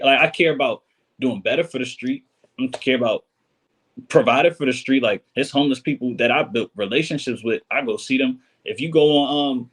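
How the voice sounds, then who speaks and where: A man speaking as a guest on a casual podcast, in a husky, mid-pitched voice. He talks earnestly and with emphasis, circling back to repeat his points.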